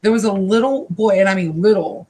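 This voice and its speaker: A woman in the middle of a live-streamed psychic reading, her voice sitting at an ordinary middle pitch. She speaks in halting, repetitive bursts that keep circling back with feeling. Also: a little mellow. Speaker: psychic card reader. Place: her own room.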